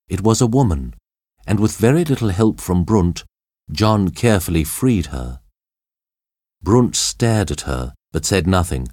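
A man narrating a storybook in a measured, expressive way. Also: sits low, dry recording, clean studio sound.

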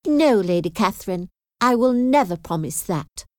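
A woman's voice: medium pitch, measured pace, warm tone, no echo, studio quality, voice pushed up, lightly acted. A woman reading aloud voices a spirited young woman who speaks earnestly and firmly. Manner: firm, earnest.

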